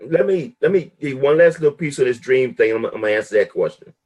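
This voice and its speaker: Speaking fast in an expressive, darkish-toned voice, a middle-aged man delivers a motivational talk as a live stream guest. He preaches with emphasis and sweeping force, his pitch swinging widely, heard over live stream call audio.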